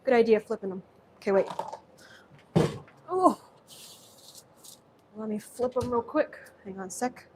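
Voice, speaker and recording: A woman's voice: fairly high pitch, lively intonation, measured pace, long pauses, noisy background. A young woman with an American accent hosting a live cooking stream from her kitchen, chatty and effusive as she thanks viewers by name. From Singapore. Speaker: host.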